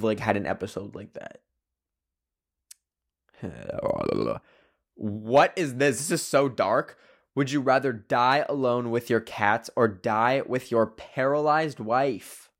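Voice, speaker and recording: A man's voice: medium pitch, unhurried. A young man hosting his own show, chatting casually and rambling with lots of fillers. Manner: rambling, animated, heavy use of "like". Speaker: podcast host. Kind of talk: casual solo chat.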